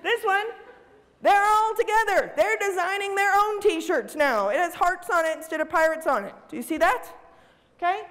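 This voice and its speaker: An animated woman speaker with a high, bright-toned voice, addressing a room and tossing in "right?" to keep the audience with her. Her voice carries a long reverberant tail from the large hall. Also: moderate pace. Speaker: public speaker. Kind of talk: motivational talk to an audience.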